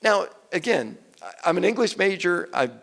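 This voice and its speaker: An older man, an author and guest speaker, telling stories on stage and quoting people in lively voices. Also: sits high, moderate pace, vocal fry. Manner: animated storyteller, quotes people in lively voices. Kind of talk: conversational stage talk. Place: event hall with audience. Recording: long hall reverb.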